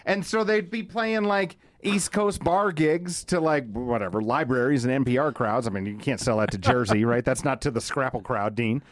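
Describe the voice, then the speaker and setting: A podcast co-host with a medium-pitched voice tells loose, profane stories in casual chat, animated and full of "like" and "man." He talks at a moderate pace with hardly any pauses, and the recording is dry.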